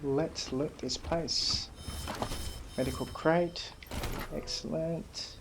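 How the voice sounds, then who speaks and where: A man's voice: fairly high pitch, fairly even intonation, very slow, noisy background. A man casually commenting on a video game as he plays, reading dialogue choices aloud in a laid-back way. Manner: reads dialogue options aloud, laid-back, laughs easily. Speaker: gameplay commentator.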